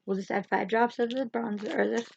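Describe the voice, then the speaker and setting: A woman's voice: on the high side, steady tone, a little fast, creaky, husky. A woman hosting a chatty livestream makeup tutorial, rambling and teasing herself as she works. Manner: rambling, joking, self-teasing. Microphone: camera or phone livestream. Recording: dull lo-fi sound.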